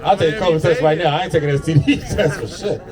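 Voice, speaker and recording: A man's voice: fairly high pitch, fast talker, a crowd in the background. A man doing a brash stand-up comedy set on an outdoor patio, swearing and laughing through his own lines. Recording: distant mic with loud audience.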